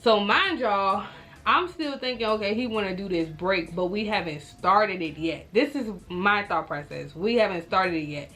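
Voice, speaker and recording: A young adult woman telling a personal story to her viewers in a casual vlog, animated and talking straight to them, acting out her own reactions. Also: mid-range voice, normal speed.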